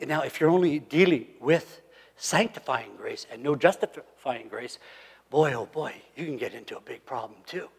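A man preaching a sermon, swinging between loud emphatic lines and hushed asides. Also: fairly high pitch, husky. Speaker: pastor. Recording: long hall reverb.

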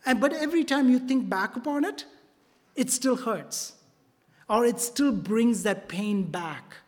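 A preacher giving a sermon in a church, repeating key phrases and often checking in with the congregation with a quick "right?" or "okay?". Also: medium pitch. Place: church sanctuary. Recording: long reverb of a large hall.

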